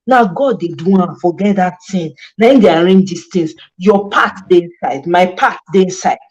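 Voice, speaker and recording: A woman's voice: lowish voice, moderate pace, darkish tone, muffled recording. Passionate Nigerian woman host. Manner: passionate, emphatic, mixing Pidgin and English. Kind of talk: casual chat.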